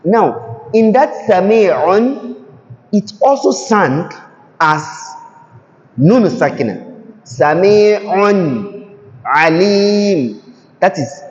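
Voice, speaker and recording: Man, slightly high voice, patient Tajweed teacher, slow repeated examples, dull lo-fi sound, long hall echo. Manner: explains patiently, repeats example words slowly and deliberately; asks the listener "can you see?" again and again. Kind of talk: classroom-style recitation lesson.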